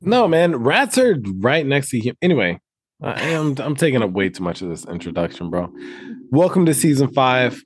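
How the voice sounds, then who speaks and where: A man co-hosting a podcast over a video call, ranting in an animated way with lots of swearing. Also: medium pitch, brisk, breathy edge, dry recording, clean studio sound. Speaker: podcast co-host. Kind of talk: casual chat.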